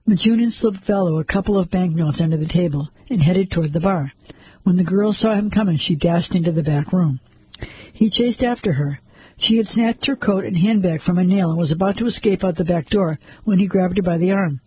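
Male audiobook narrator, husky and dark-toned, dry close sound. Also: high voice, brisk, no echo, poor audio.

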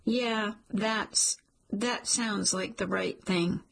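A woman reading the lines of an earnest young man in an audiobook, gently teasing and sincere. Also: mid-range voice, steady tone, drawn-out words, creaky, slightly rough, exaggerated voice.

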